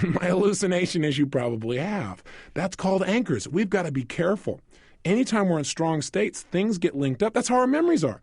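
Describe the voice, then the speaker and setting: Guy running a self-help seminar, high voice that swoops all over, dry close sound. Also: a little fast, breathy edge, no echo. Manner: animated, asks the audience questions and acts out quotes. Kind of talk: motivational seminar talk.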